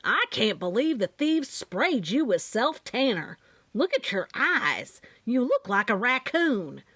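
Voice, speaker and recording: A woman voicing a sharp-tongued older aunt who talks bluntly and mockingly. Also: fairly high pitch, very animated, takes it slowly, no echo, exaggerated voice.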